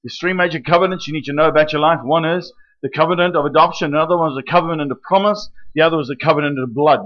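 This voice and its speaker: Casting: male preacher, high voice, animated teaching delivery that keeps checking in with the room, dull lo-fi recording. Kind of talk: sermon.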